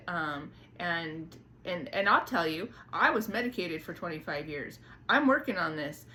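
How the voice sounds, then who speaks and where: Gentle, earnest woman speaking to viewers. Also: mid-range voice, slight background noise. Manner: gentle, earnest, repeats words and restarts often. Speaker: spiritual channeler and host. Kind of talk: casual spiritual talk to viewers.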